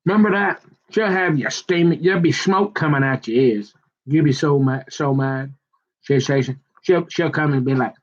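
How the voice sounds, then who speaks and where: A man's voice: on the high side, animated, moderate pace, highs cut off. A tired man, rambling and joking in a casual vlog. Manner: rambling, joking, repeats himself. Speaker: vlogger.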